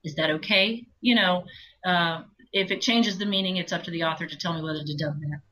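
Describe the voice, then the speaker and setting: Bright-voiced woman audiobook narrator chatting. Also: lowish voice, fairly quick, rough recording. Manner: chatty, animated storytelling with laughs. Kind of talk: casual interview chat.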